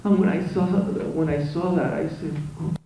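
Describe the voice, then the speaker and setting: A man's voice: fairly high pitch, steady tone, moderate pace. Man telling a dramatic story in an echoey hall. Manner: dramatic storytelling with sharp swings between loud outbursts and hushed passages. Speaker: conference speaker. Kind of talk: public speech, first-person testimony. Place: conference hall. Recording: very echoey hall, distant mic, faint noise.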